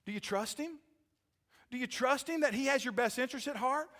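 A man pastor delivering a sermon, emphatic and rousing, often calling out "amen?" to the congregation, then softening into a quiet, earnest appeal. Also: very high-pitched, brisk. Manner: emphatic preaching with frequent "amen?" calls, dropping to a hushed altar call.

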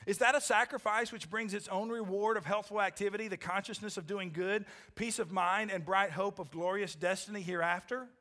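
A man pastor delivering a sermon, emphatic and rousing, often calling out "amen?" to the congregation, then softening into a quiet, earnest appeal. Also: high-pitched, fairly even intonation, fairly quick, hardly any pauses. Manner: emphatic preaching with frequent "amen?" calls, dropping to a hushed altar call.

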